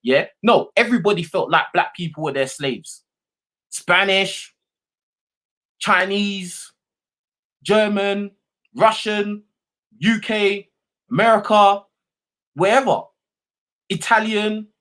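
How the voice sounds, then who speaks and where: A man's voice: sits high, slow pace, pauses often, fairly bright tone. A man with a London accent hosting a live call-in show, arguing hard with a caller, swearing and repeating slang tags while talking over him. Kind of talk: heated live call-in argument.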